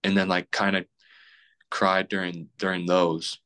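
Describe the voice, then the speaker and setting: A man's voice: deep voice, level tone, a little slow, bright, forceful tone, smooth. A young man in his twenties, a podcast guest rambling casually with plenty of fillers and restarts. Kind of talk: casual chat.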